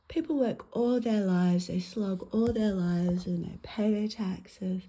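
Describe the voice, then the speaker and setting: A middle-aged Australian woman with a husky, dark-toned voice, talking her way through a stand-up set. She rambles from story to story, swears freely, and swings between loud, high outbursts and quiet muttered asides. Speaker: stand-up comic.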